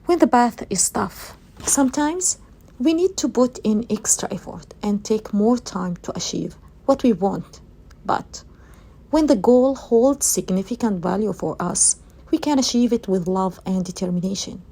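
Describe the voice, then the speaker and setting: A woman's voice: on the high side, animated, a little slow, mellow. A woman reading an earnest, reflective travel anecdote. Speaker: listener telling a travel story.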